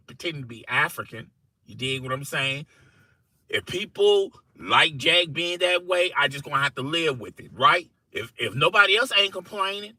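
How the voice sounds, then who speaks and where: Animated man telling a workplace story. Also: fairly high pitch, dry recording, poor audio. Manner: animated, repeats "you know" and "okay?". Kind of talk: casual story told to camera.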